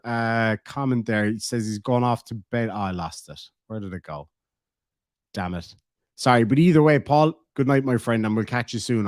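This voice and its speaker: A blunt Irish man chatting casually on a livestream, reading out viewer comments, cursing freely and filling gaps with ums and uhs. His pitch sits in an ordinary middle range, and the sound is dry and close, with no room echo. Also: darkish tone. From Ireland. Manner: blunt and sweary, with frequent filler words. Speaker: livestream host.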